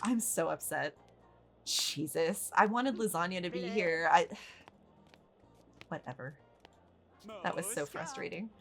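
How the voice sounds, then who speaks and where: A woman's voice: on the low side, lively intonation, measured pace, long pauses, faint music behind. A woman hosting casual gameplay commentary, exasperated, swearing freely and laughing often. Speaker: gaming channel host.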